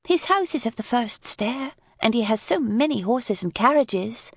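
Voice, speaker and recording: Brief: woman narrator playing a high, shaky, indignant young sister, stiff in tone. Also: lively intonation, a little slow, slightly rough, no room sound, clean studio sound, exaggerated voice.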